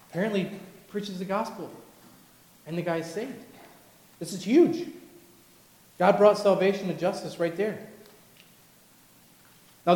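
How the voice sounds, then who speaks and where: A man preaching a sermon with animated delivery, acting out the voices of people he quotes. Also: high voice. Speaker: pastor. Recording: echoey hall with long reverb.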